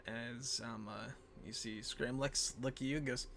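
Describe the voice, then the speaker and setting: A man's voice: mid-range voice, fairly even intonation, unhurried, gravelly, a bit bright. A man narrating as game master in a casual way, with many fillers.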